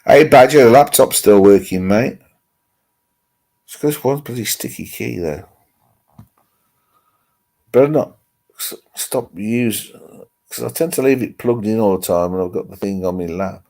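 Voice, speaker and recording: A man rambles through a casual chat with his viewers, dropping the odd mild swear word. His low voice has a gravelly edge. He talks into a laptop microphone at home. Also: unhurried, pauses often, dark tone. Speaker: livestream host. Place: home, seated with laptop on lap.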